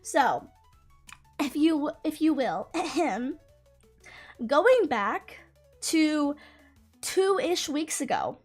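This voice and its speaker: Young woman vlogger, high voice, chatty storytime to the camera, faint music behind. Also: very slow, pauses often. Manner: chatty and animated, laughing through the story. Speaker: YouTuber. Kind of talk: casual storytime chat to camera. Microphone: camera mic, close to the camera.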